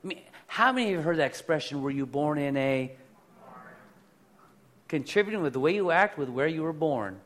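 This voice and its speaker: Man preaching with lively storytelling. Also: a little high, brisk, long pauses. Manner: animated, swings between loud and quiet. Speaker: pastor. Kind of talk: conversational sermon with personal stories.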